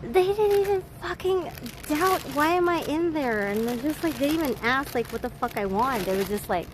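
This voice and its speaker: A woman's voice: high voice, animated, moderate pace. A woman in her thirties from Taiwan with an American accent, chatting casually and laughing between swear-filled stories. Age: 30s. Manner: profane, laughing, chatty storytelling. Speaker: vlogger. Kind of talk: casual chat. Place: hotel, indoors. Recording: noisy background.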